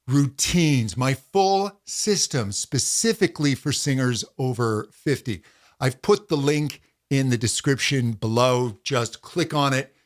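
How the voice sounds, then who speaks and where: A man as a vocal coach giving a singing lesson in a calm, deliberate, encouraging way. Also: medium pitch.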